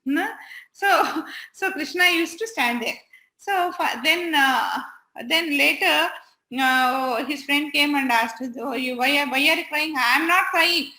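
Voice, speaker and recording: Bright high-voiced woman telling stories. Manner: animated, voices the figures' dialogue. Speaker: storyteller for children. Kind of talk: telling a devotional story to children. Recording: echoey room.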